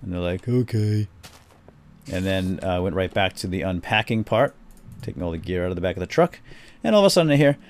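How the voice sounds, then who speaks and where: A middle-aged man telling a family story while playing a game, switching to quiet muttering when he deals with the game. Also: low voice, a little fast. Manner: animated storyteller, drops to quiet muttering over game actions. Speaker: gaming video host. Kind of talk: storytelling during a game playthrough.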